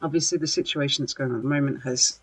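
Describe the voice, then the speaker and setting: Fast-talking and husky, a podcast host with a medium-pitched, slightly bright voice and steady tone rambles casually on a livestream, leaning on fillers, apologizing, and laughing at themselves, with faint background music.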